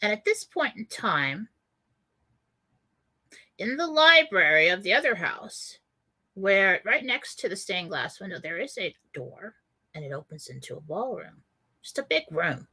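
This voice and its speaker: A woman hosting a radio show tells a personal story in a casual, chatty way. Her voice is bright and her pitch moves a lot. She laughs often and fills her pauses with "um". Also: husky. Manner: animated, laughing often, many fillers.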